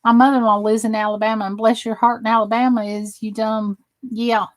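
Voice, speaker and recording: Her voice is fairly high, level in tone, and fairly quick. She's a middle-aged Southern woman hosting a crafting livestream, casually joking with her audience and responding to comments she reads out.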